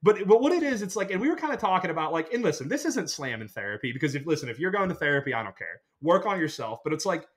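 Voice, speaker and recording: A man's voice: on the high side, big pitch swings, fast, hardly any pauses, husky. A young man co-hosting a podcast in casual chat. He tells stories in a loose, rambling way, full of "like" and swearing. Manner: rambling storyteller, loose and profane, lots of "like". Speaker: podcast co-host.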